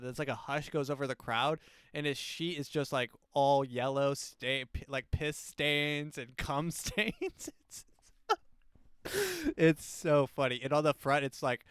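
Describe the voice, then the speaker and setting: A man's voice: medium pitch, fairly even intonation, measured pace, a bit bright, smooth, no room sound, studio quality. A man hosting a podcast, rambling through a casual book review and breaking into silly voices for quotes. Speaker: podcast host.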